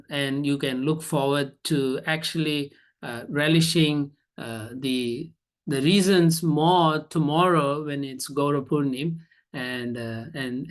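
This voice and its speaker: Man, devotional storyteller, animated, fillers, online call, fairly high voice. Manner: animated, hesitant with many fillers. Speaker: guest speaker.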